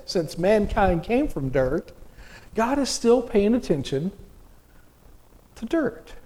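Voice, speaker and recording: A man's voice: high-pitched, mellow. A middle-aged man preaching a sermon in a folksy, conversational way, full of restarts and rhetorical questions.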